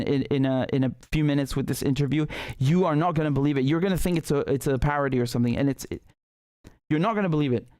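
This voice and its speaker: Indignant man with a lifted pitch. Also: a little mellow, no echo. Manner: indignant and sarcastic, repeats phrases for emphasis. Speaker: political commentator host. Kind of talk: impassioned solo commentary.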